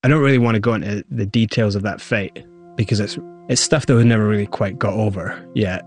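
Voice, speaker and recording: A man, the guest in an interview, retelling his past with lively acted-out quotes. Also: lowish voice, fairly quick, faint music behind. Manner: animated retelling, acts out quoted voices. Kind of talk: storytelling interview.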